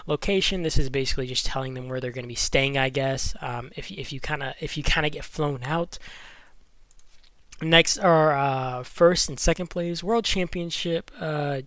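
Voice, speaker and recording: A man's voice: on the high side, normal speed, fairly bright tone, no room sound. A man talking casually about a mobile game event, thinking aloud as he goes, often stumbling over his words. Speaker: gaming YouTuber.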